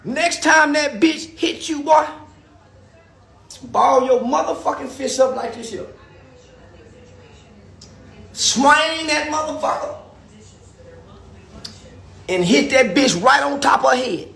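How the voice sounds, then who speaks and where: A man telling profane stories in an animated, ranting monologue with loud outbursts. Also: very high-pitched, a little slow, creaky, long pauses, roomy sound. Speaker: commentator.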